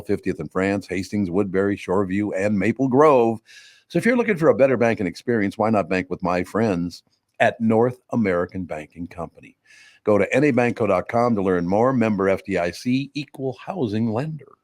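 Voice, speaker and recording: Low-voiced man hosting talk radio. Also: darkish tone, dry recording, clean studio sound. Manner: rambling, incredulous, mock accents for jokes. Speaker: radio host. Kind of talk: casual talk radio banter and live ad read.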